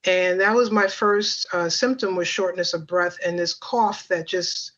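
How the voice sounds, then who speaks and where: A woman's voice: fairly low pitch, fairly even intonation, measured pace, a bit bright, dull audio. A woman guest on a podcast telling a personal story in a chatty way, with many fillers and asides.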